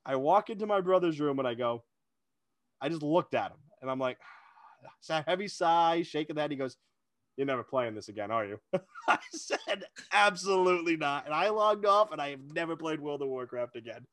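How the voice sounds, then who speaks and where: A man's voice: fairly high pitch, lively intonation, normal speed, fairly bright tone, no echo. A man co-hosting a casual chat, telling a long self-deprecating story with lots of energy. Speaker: podcast co-host.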